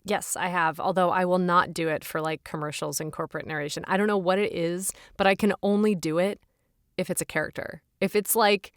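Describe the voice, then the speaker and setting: Woman voice actor chatting on a podcast, slightly low voice, laughs a lot, dry sound. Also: fairly quick, smooth, dry recording. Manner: chatty, laughs often, animated. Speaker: professional voice actor, podcast guest. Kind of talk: casual interview chat.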